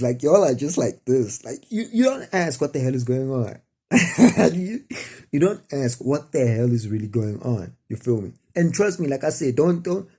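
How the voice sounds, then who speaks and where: A spiritual speaker with a mellow, husky, mid-range voice preaches casually to a camera facing them. The talk rambles and repeats, packed with rhetorical questions.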